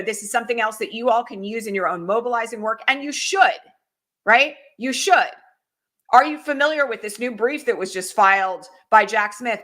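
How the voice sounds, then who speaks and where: On her political commentary livestream, a middle-aged host addresses viewers with urgency and directness, posing rhetorical questions to them. She speaks in a medium-pitched voice with a sharp tone.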